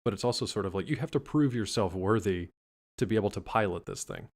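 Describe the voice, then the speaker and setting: A man co-hosting a podcast, chatting casually about an anime with quick jokes and asides. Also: on the low side, expressive. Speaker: podcast co-host. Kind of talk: casual chat about a cartoon.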